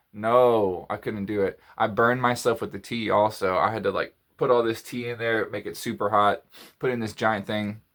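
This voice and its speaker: A man's voice: lowish voice, a bit bright. A man telling a story in a casual monologue, rambling, repeating phrases and restarting his sentences. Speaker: podcast host.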